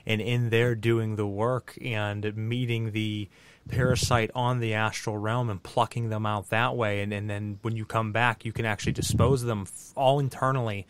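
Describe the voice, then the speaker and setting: Measured male podcast host. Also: on the low side, flat delivery, clean tone. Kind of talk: interview conversation.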